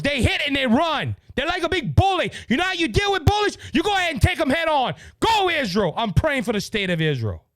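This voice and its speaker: This podcast host speaks at an extremely high pitch in a Louisiana Cajun accent, with no room sound. He delivers furious political commentary, shouting and circling back to the same points.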